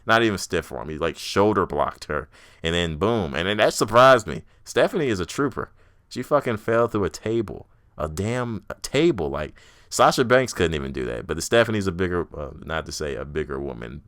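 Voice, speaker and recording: Young male podcast host, deep clear voice, blunt and profane, rants freely; dry close mic. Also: fairly bright tone, no room sound. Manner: blunt, profane, ranting, mocks others in exaggerated voices. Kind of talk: casual solo wrestling review.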